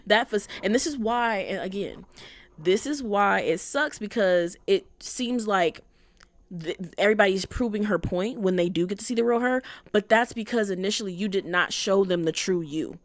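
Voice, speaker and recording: A young woman in casual commentary mode, chatty and opinionated. She leans on slang and cusses freely. Her voice sits mid-pitch and is recorded dry and close. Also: normal speed, dry recording. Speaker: anime commentator.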